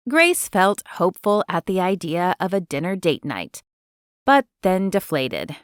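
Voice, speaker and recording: A woman narrating a romance audiobook in an expressive storytelling manner, recorded close to the mic. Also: on the low side, measured pace, smooth, dry recording. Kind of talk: scripted narration.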